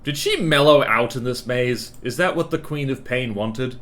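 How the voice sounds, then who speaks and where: A man's voice: mid-range voice, moderate pace, few pauses, a bit bright. A man streaming a video game, reading its text aloud and joking in casual commentary. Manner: jokey, reads game text aloud between quips.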